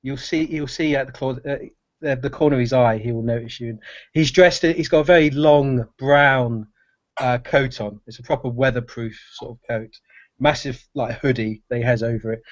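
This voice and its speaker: A man playing a tabletop game, describing a character in a halting, animated way with many fillers. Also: mid-range voice, dull audio. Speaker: player.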